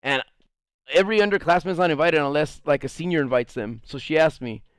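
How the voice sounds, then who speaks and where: A man's voice: a little high, lively intonation, fairly quick, smooth, no echo, studio quality. A man streaming and casually telling a story to his chat, rambling with lots of fillers, cursing and laughing often.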